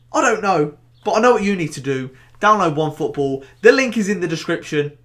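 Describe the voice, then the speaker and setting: A young man with a Birmingham accent hosting a casual football vlog, animated and jokey, with bursts of excitement. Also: high voice, brisk. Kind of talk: casual to-camera football chat.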